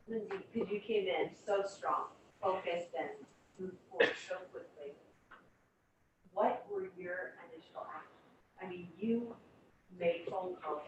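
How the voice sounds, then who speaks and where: A woman hosts a casual group chat, asking questions in a lively, animated voice. Her pitch moves a lot as she talks. The sound is very roomy and distant from the mic. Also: background noise. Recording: very echoey room, far from the mic.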